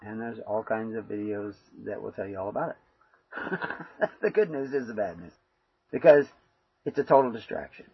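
A man's voice: on the low side, moderate pace, pauses often, husky, muffled recording. A man giving a rambling, conversational sermon full of fillers. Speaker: preacher. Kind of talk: informal sermon.

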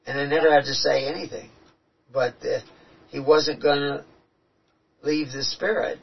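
Husky man telling earnest spiritual stories. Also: a little high, level tone, moderate pace. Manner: earnest, reflective storytelling. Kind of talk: casual spiritual talk. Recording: dull, distant-sounding recording.

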